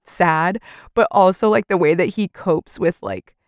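A young woman co-hosting a casual book podcast, lively, acting out characters in quick put-on voices and laughing often. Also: fairly low pitch, dry recording, clean studio sound. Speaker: podcast co-host. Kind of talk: casual book-club chat.

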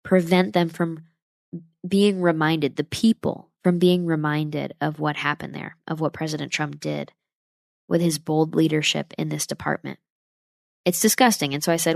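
Low, gravelly woman vlogging. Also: little pitch movement, moderate pace, no echo, studio quality. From United States. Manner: impassioned, opinionated, addresses viewers directly. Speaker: travel vlogger. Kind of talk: casual opinionated vlog monologue.

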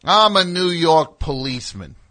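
Bullying bald would-be cop, loud and high-pitched, shouting belligerently, as a man puts him on. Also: sing-song, normal speed. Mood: angry.

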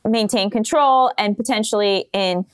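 A woman's voice: medium pitch, smooth. Earnest young woman podcast co-host. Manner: earnest and thoughtful, pausing often with fillers. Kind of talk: casual chat.

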